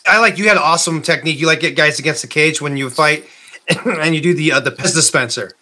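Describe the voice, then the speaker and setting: A man's voice: fairly high pitch, fast talker, sharp tone. A man hosting a casual interview, laid-back, with short reactions and admiring questions.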